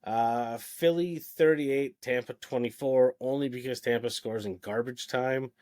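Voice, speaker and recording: A man talking casually on a sports podcast, listing his picks one after another. His voice sits at a middling pitch, and he fills the gaps with "uh" and "um" as he goes. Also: fairly even intonation, a little slow, darkish tone. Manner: rattles off picks with fillers and hesitations. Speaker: podcast co-host.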